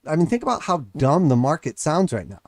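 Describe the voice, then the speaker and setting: A man's voice: on the high side, sing-song, fairly quick, no room sound, studio quality. A man giving casual, blunt live market commentary as host, sarcastic, often acting out mocking voices.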